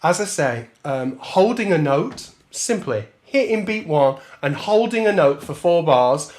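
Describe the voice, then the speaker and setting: Chatty trombone teacher scatting. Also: male voice, fairly high pitch, animated, measured pace, few pauses, darkish tone. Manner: chatty, laughs often, scats rhythms while counting. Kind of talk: masterclass talk with sung counting.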